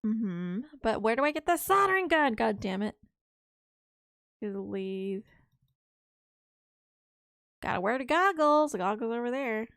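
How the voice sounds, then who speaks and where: A woman's voice: on the high side, animated, unhurried, creaky, long pauses, fairly bright tone, no room sound, studio quality. Chatty young woman streamer, swearing at a game. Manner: chatty, swears when frustrated. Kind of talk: casual live-stream commentary while playing.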